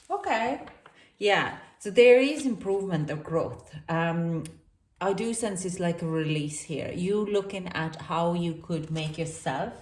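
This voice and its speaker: A woman with a fairly low voice gives a rambling, chatty tarot reading to camera, full of fillers. She sounds distant from the mic in an echoey room, with slight background noise.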